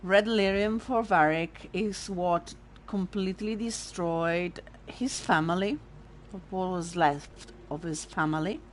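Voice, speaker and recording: A woman's voice: fairly low pitch, slow, a little hiss or hum. A young woman with an Italian accent, host of a let's play, commenting on a game in an emotional, rambling way and swearing. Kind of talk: casual gameplay commentary.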